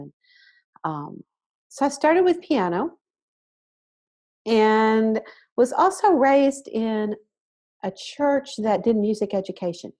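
A woman in her sixties with an Arkansas Southern accent, telling her story as a podcast guest in a relaxed, reflective way. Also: medium pitch. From Arkansas, USA. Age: 60s. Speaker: guest voice teacher. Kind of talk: casual podcast interview.

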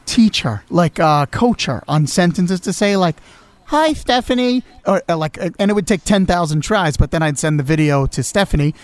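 A man's voice: on the high side, brisk, few pauses, no room sound. Blunt joking man in casual chat.

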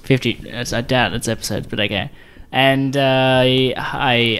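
A young man from Australia, casually recounting a trip on a podcast in a relaxed, dry way. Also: mid-range voice, takes it slowly, a little hiss or hum. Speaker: podcast co-host. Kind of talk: casual chat.

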